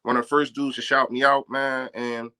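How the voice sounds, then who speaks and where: A man's voice: medium pitch, flat delivery, moderate pace, pushed and bright. A man co-hosting a casual fan sports stream, talking emphatically and often repeating himself.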